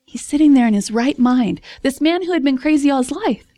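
Woman preacher, casual and expressive, fairly high voice, dry close recording. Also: brisk, dry recording. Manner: chatty and expressive, laughs often, acts out voices. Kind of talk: casual sermon.

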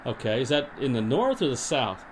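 Deadpan, rambling male podcast host. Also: mid-range voice, fairly quick, noisy background. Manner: deadpan, rambling with many restarts. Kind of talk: improvised comedy monologue and mock interview.

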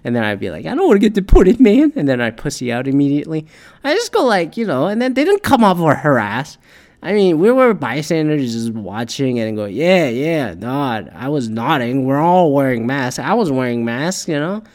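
A man's voice: mid-range voice, sing-song, fairly quick. A man ranting in a casual, profane, rambling monologue, full of restarts and swearing. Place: Detroit area.

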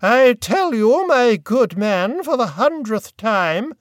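Casting: male narrator playing an imperious older aunt, loud and commanding, dry close sound. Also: extremely high pitch, huge pitch swings, a little slow, dry recording, pitched above the performer's own voice, exaggerated voice. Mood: haughty. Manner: snapping, scornful, haughty.

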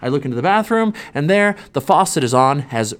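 A man's voice: a little high, sing-song, fairly quick, smooth. A young adult man, a stand-up comedian, telling a profane, rambling comic anecdote full of "like" fillers. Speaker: stand-up comedian, podcast guest.

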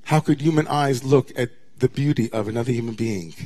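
A middle-aged rabbi delivers a sermon in a voice of ordinary pitch for a man. He drops to hushed, breathy near-whispers, then rises into loud, impassioned storytelling. His delivery is slow and deliberate in the quiet passages and hurried in the anecdotes.

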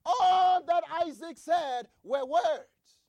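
A man preaching a sermon as pastor, reading scripture slowly and breaking into shouts for emphasis. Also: extremely high pitch, no echo. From grew up outside the United States, across the Atlantic.

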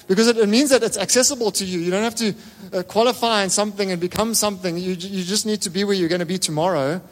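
A man preaching a sermon as pastor, with emphatic repetition and sudden swings between loud and soft delivery. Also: sits high, fast talker. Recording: long hall reverb.

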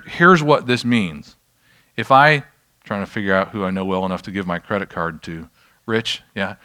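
A man's voice: medium pitch, bright, forceful tone. A pastor teaching a church class in a loose, conversational way, often checking whether his listeners follow. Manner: conversational, self-deprecating, checks in with the audience. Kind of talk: informal sermon teaching. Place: church room with an audience.

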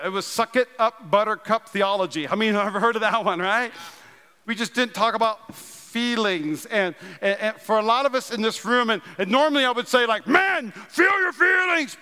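Man, pastor from North Dakota, high voice, smooth and clear, animated sermon storytelling. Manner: animated storytelling, self-deprecating humor. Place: large church auditorium. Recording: long hall reverb.

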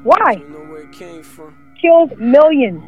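A woman's voice: high-pitched, big pitch swings, extremely slow, narrow, tinny audio, faint music behind. A woman delivering an angry opinion rant, profane and emphatic, firing repeated questions at the listener. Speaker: commentator.

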